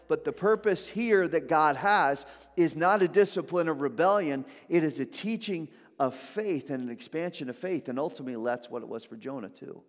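A male pastor delivers a sermon with a somewhat high-pitched voice. He drives his points with rising force and then pulls back to a near hush. His words carry a long reverb, as in a large sanctuary. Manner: emphatic preaching, swinging between hushed and loud.

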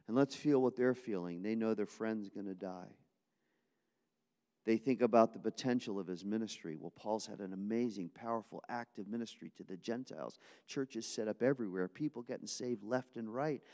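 A man preaching a sermon to his congregation, swinging from hushed asides to loud, impassioned appeals. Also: fairly low pitch, normal speed, long reverb tail. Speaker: pastor.

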